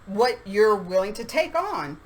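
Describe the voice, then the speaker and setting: A woman giving a casual tarot reading straight to her viewers in a chatty, animated way. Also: medium pitch, unhurried, low-quality recording. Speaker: tarot reader.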